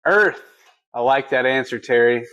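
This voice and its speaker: A man's voice: medium pitch, moderate pace, fairly bright tone, clean tone, no room sound, dull audio. Laid-back man, dry close sound. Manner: laid-back, folksy, laughs easily. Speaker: livestream co-host. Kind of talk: casual livestream chat reading viewer comments.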